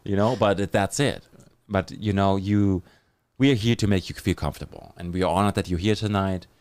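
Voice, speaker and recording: A man's voice: low-pitched, a little fast, a little mellow, no room sound. German-accented man hosting a live podcast. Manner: upbeat, hypes guests and sponsors. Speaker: podcast host. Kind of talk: live podcast chat and read ads.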